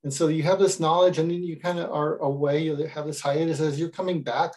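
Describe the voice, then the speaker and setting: A man's voice: a little high, fairly even intonation, fairly quick, a little mellow. A man interviewing a business owner in a casual chat, enthusiastic and encouraging, often chiming in with agreement.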